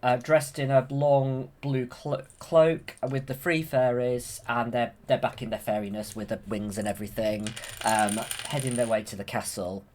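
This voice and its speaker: A man's voice: mid-range voice, steady tone, moderate pace, a little mellow, a little hiss or hum. A man casually retelling a film from memory, hesitant, with many fillers and restarts. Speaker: channel host.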